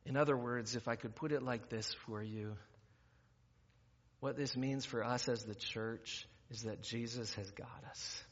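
A man's voice: medium pitch, steady tone, a little slow. A man preaching a sermon as pastor, talking conversationally and rising to emphatic preaching. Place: church sanctuary. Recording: muffled recording in a reverberant church hall.

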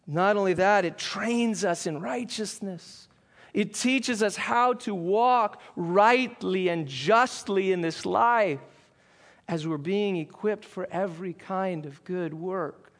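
A man preaching a sermon, earnest, asking the congregation questions and slowing down to stress key points. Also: high-pitched, fairly bright tone. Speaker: pastor.

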